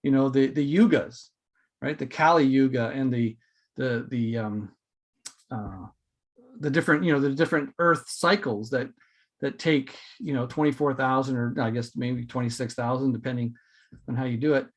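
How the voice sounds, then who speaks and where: A man's voice: medium pitch, moderate pace. A man hosting a casual spiritual podcast, talking in a rambling way with many fillers and restarts. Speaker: podcast host.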